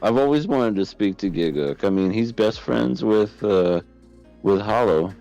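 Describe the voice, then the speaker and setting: A man's voice: lowish voice, expressive, a little slow, vocal fry, warm tone, faint music behind, low-quality recording. A man co-hosting an anime podcast, talking in a laid-back, rambling way with hesitant restarts. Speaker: podcast co-host. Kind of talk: casual chat.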